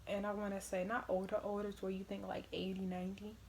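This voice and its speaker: A young woman vlogger telling casual stories in an animated way, laughing often and swearing freely. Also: medium pitch, fast, creaky, a little hiss or hum. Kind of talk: casual storytime.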